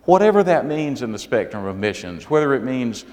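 A man's voice: mid-range voice, very animated, fairly quick, darkish tone. Southern man preaching in a reverberant church. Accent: Southern American. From South Carolina. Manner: folksy storytelling, earnest. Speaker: guest speaker. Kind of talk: sermon. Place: church sanctuary. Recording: long hall reverb.

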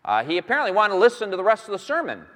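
A man teaching on a Bible passage to a live audience, telling it as an animated story with many fillers and restarts. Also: sits high, very fast. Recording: long hall reverb.

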